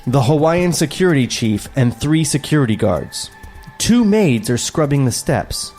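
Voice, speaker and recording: A man co-hosting a comedy podcast, reading a screenplay aloud with sarcastic, deadpan asides. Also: mid-range voice, measured pace, faint music behind. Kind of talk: comedic table read with commentary.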